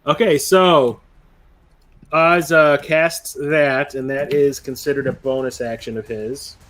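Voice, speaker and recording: A man narrating as game master of a tabletop game, laid-back and quick to laugh. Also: medium pitch, fairly even intonation, a bit bright.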